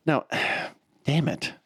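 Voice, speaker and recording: A man's voice: pushed and bright, no room sound. A man co-hosting a casual podcast chat, self-deprecating and swearing freely, with sighs and laughs. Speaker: podcast co-host.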